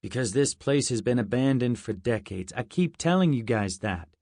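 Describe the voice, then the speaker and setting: Cocky young guy, done by a man, confident dismissive tone, medium pitch, dry close sound. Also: animated, normal speed, a little mellow, no room sound, natural voice.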